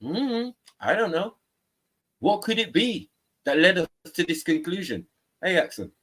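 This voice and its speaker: Male stream host, slangy and teasing, bouncy pitch, sits a bit high. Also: sing-song, measured pace, a bit bright. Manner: teasing, slangy, breaks into voices and song. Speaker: livestream host. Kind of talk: casual banter.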